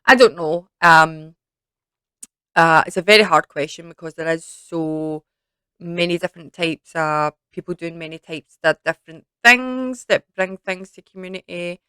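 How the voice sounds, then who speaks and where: A woman's voice: on the low side, unhurried, bright, forceful tone, clean tone, no echo. Scottish woman, young adult, casual rambling chat, dry close sound. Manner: chatty, rambling with many fillers. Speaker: YouTube creator.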